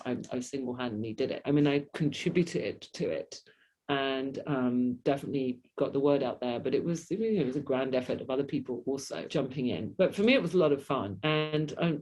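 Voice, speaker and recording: A woman with a London English accent, a guest chatting playfully and with animation in an interview over a video call. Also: extremely low pitch. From England. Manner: animated, playful, self-deprecating. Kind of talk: casual interview chat.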